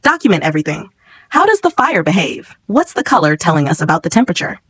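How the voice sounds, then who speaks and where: A woman reading the lines of a cold, contemptuous male substitute chemistry teacher in a storybook narration, calm and clipped. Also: fairly low pitch, fast, slightly rough, dry recording, full character voice. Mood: cold, mocking.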